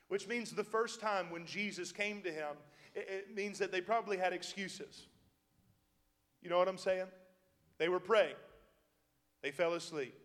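A man delivers a sermon in a folksy, emphatic way, breaking into chuckles as he drives his points home. His voice sits a little high for a man. It rings out with a long reverb through a church hall. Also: a bit bright. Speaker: pastor.

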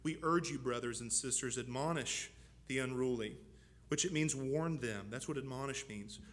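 In a church, a male pastor delivers a sermon that shifts from low, measured teaching into loud, fervent exhortation.

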